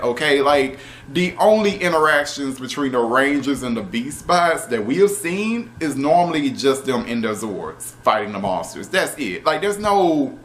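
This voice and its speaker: A man reviewing a show episode in casual, animated talk, exasperated and profane, with laughing asides. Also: medium pitch, slight background noise.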